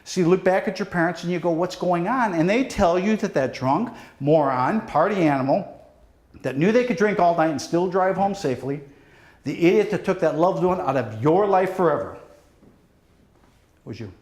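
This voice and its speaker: A man's voice: sits high, animated, moderate pace. A middle-aged man, a police deputy chief, giving a safety talk to students, telling dramatic stories straight to the audience. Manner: pleading, drops to near hush at the end. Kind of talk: motivational presentation to students. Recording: echoey hall.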